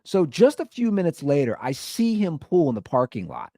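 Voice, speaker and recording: Animated man telling a wild story. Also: a little high, normal speed, dry recording, clean studio sound. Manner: animated, acts out both sides of arguments. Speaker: comedy podcast host. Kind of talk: comedic storytelling rant.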